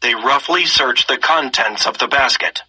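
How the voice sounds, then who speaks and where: Bright, husky man reading a story. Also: mid-range voice, moderate pace, rough recording. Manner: expressive reading, slipping into character voices. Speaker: story reader. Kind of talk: reading a story aloud with lesson questions.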